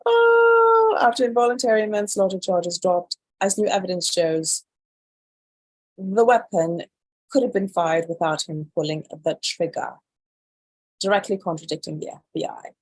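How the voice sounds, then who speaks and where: A woman's voice: on the low side, steady tone, unhurried, darkish tone, no room sound, poor audio. A woman hosting a live show, chatting about the news and reading headlines aloud with an incredulous, chatty manner. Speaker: host. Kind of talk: casual news commentary livestream.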